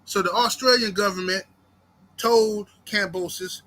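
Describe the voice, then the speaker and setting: Fired-up, high-voiced man ranting about boxing. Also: measured pace, bright, forceful tone. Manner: profane, fired-up, fires rhetorical questions. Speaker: boxing commentator host. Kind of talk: heated live boxing commentary rant.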